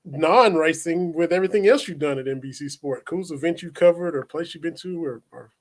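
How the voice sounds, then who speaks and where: Higher-voiced man asking halting questions. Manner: halting, restarts his questions. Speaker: podcast host. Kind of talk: casual interview questions.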